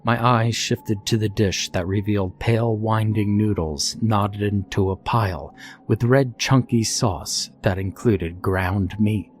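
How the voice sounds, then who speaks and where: Low-voiced man narrating horror. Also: a little slow, a little hiss or hum. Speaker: storyteller.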